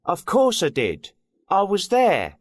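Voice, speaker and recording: A man voicing a schoolboy in a textbook listening dialogue, telling a friend a story in a lively way. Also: high-pitched, slow pace, dry recording, studio quality, full character voice.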